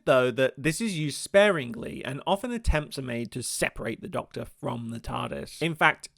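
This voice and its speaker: A man's voice: mid-range voice, gravelly, fairly bright tone, no room sound, clean studio sound. A young man giving scripted commentary, breaking off into wry, jokey asides. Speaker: video essayist.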